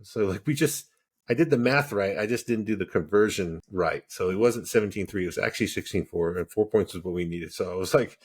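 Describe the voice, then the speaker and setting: A man's voice: low voice, brisk, husky. A man co-hosting a podcast, telling a story in casual chat and animatedly acting out the dialogue. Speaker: podcast co-host.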